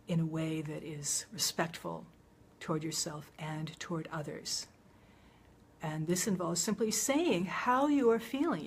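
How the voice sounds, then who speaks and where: A woman speaking gentle guidance straight to the viewer, often dropping into a near whisper and growing more emphatic at times. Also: on the low side, vocal fry, a little hiss or hum. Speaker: speaker of a public service video. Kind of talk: soothing spoken guidance to the viewer.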